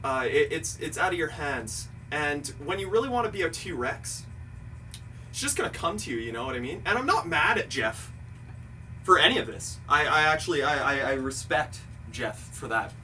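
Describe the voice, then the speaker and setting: A man giving a deadpan comedic interview, halting and earnest, stumbling over repeated words. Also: on the high side. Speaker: interviewee in a mock documentary. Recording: distant mic with steady ambient noise.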